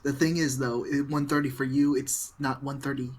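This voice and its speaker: A man's voice: mid-range voice, little pitch movement, moderate pace, darkish tone. A man joining a casual chat show as co-host, talking in a dry, teasing way.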